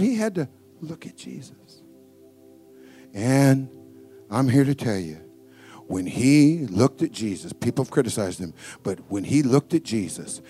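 A man preaching a lively sermon, swinging from booming to hushed and laughing often. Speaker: pastor.

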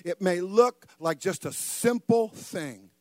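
Older man preaching with loud bursts. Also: high-pitched, slow, dry recording. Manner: animated, joking, acts out voices with sudden loud bursts. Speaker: pastor. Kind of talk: sermon.

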